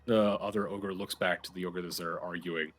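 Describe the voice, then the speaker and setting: Low-voiced man running a tabletop game. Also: fairly even intonation, normal speed. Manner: loose, chatty narration with frequent fillers. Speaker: game master.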